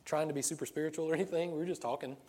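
A man's voice: on the high side, steady tone, racing, mellow, breathy edge. Man preaching in a chatty storytelling way. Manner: conversational storytelling, rhetorical questions, frequent laughs. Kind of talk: sermon.

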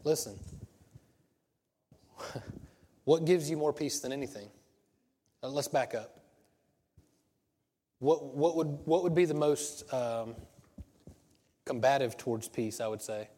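A man's voice: mid-range voice, slow pace, pauses often, mellow, in a large hall. A pastor preaching a sermon in a conversational way, asking rhetorical questions and restarting his sentences.

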